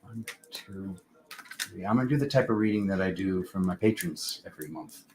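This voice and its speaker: A man hosting a casual live-stream tarot reading, talking in an unhurried, rambling spiritual way with many fillers. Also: low voice, background noise.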